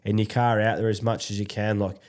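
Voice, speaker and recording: A man's voice: fairly low pitch, little pitch movement, brisk, darkish tone. A man hosting a podcast, asking chatty, rambling questions and laughing easily. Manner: chatty, laughs often, loose questions with restarts. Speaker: podcast host. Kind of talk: casual podcast interview. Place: podcast studio.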